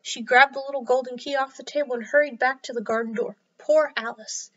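A woman storyteller reading a children's story aloud in a clear, expressive way. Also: high-pitched, brisk. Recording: slightly dull lo-fi sound.

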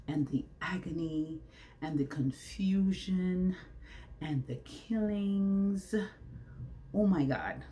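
A woman's voice: fairly low pitch, mellow, slight background noise. A woman talking to her viewers from home, chatty and preachy, asking rhetorical questions. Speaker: vlogger. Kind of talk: casual vlog monologue. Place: at home, indoors. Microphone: camera facing her, with ring light.

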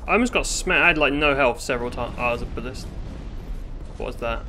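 A man's voice: medium pitch, fast, pushed and bright, a little hiss or hum. British man swearing through game commentary. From Britain. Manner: swearing, exasperated running commentary with sudden outbursts. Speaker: gaming YouTuber. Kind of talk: let's play commentary.

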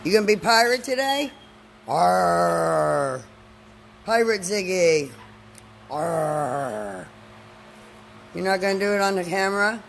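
A woman hosting a live video outdoors on a farm, talking slowly and coaxingly to her animals. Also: mid-range voice, slight background noise. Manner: slow, coaxing talk to animals. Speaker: farm host.

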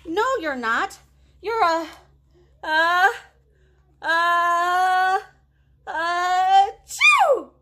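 A woman's voice: expressive, slow pace, long pauses, a little hiss or hum, full character voice. A woman voicing a big male tiger who mocks a mouse, in a storybook reading. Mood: mocking. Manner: teasing, louder and higher than her reading voice.

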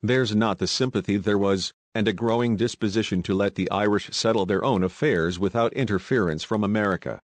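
A man doing a slow-drawling cautious financier. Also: lowish voice, dry recording, lightly acted.

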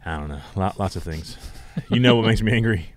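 A middle-aged man with a Southern US accent and a fairly low voice that still swings widely in pitch. He talks in a relaxed, deadpan way, casually chatting as a podcast co-host. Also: fairly quick, no room sound. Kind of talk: casual chat.

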